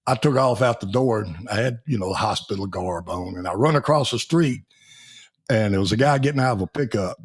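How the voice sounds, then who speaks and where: A man's voice: on the low side, brisk, slightly rough. A man, a Navy veteran guest telling folksy stories in a podcast interview and laughing as he acts out the people in them. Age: 70s.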